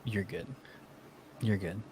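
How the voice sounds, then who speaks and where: A man's voice: on the low side, big pitch swings, takes it slowly, vocal fry, a little mellow, slight background noise. A man hosting a casual podcast chat who uses lots of fillers and steers the conversation back on topic. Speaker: podcast host.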